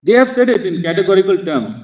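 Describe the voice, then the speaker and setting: Man, Indian accent, advocate's formal court argument, fairly high voice, heard from afar. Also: animated, darkish tone. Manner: formal, addresses the bench as "my lord" constantly, halting with fillers. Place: large courtroom. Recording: roomy courtroom audio from a distance.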